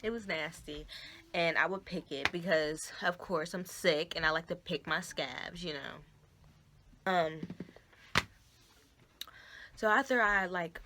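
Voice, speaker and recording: A woman's voice: lowish voice, takes it slowly, long pauses, noisy background. A woman vlogger telling a story casually to her camera, chatting directly with her viewers as y'all and guys, recorded on a phone camera.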